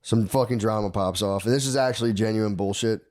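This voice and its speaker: A man's voice: fairly low pitch, a little fast, darkish tone. Slangy man telling a story. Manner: profane, slangy, acts out characters' lines. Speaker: podcast co-host telling a history story. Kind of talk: casual storytelling chat.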